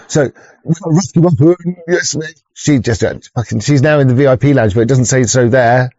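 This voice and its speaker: A man's voice: medium pitch, a little fast, dark tone, no room sound, highs cut off. A man hosting a rambling, casual livestream chat, swearing often, stumbling over restarts and chuckling as he greets viewers. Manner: sweary, stop-start, chuckling, greets chatters. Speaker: livestream host.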